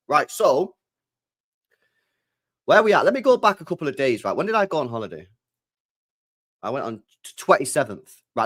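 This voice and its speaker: A young man hosting a casual football live stream, loose and chatty, full of slang, swinging from loud bursts to mumbles. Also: a little high. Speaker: football channel host.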